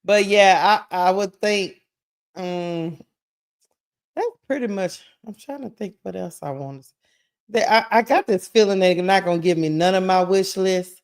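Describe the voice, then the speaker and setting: A woman co-hosting a casual talk show, easygoing and hesitant, pleading with drawn-out fillers. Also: medium pitch. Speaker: co-host.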